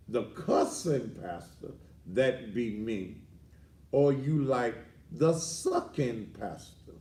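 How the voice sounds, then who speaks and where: A man hosting a ranting commentary show, boisterous and rambling with sudden loud outbursts, heard on a distant mic. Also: medium pitch, very animated, very slow, vocal fry, reverberant. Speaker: host.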